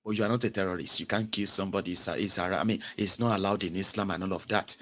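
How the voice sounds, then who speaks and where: A young Nigerian man with a Nigerian English accent and Pidgin, giving a casual, animated commentary monologue as host. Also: sits low, fast. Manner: animated, mocking, switches to Pidgin and Yoruba.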